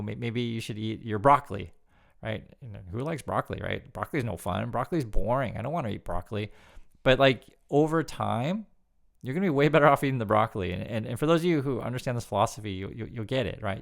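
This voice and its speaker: A man's voice: fairly low pitch, vocal fry. A man giving casual spoken commentary, chatty and often repeating words as he talks. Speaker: news commentary YouTuber.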